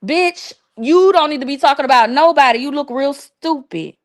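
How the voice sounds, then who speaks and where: High-voiced woman ranting on a livestream. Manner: profane, mocking, drawn-out repetitions. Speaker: livestream host. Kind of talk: casual livestream rant.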